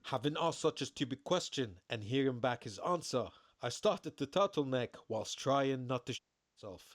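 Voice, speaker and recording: Man, medium pitch, wry narration, scripted, self-deprecating. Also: animated, normal speed. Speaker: documentary narrator.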